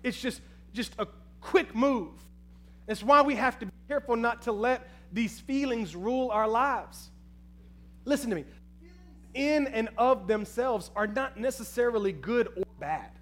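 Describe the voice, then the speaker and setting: A man preaching a sermon, telling a personal story in an animated way and talking straight to the crowd. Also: very high voice, a little slow. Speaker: pastor.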